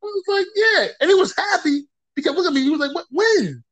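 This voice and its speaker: Very high-voiced and very fast, a man speaks as a podcast guest. In the casual conversation he's a lively storyteller who plays out other people's lines.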